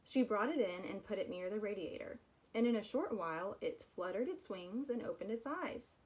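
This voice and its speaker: A woman reading a children's book aloud in an expressive storytelling manner. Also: mid-range voice, moderate pace. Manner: expressive storytelling, personal asides. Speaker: reader.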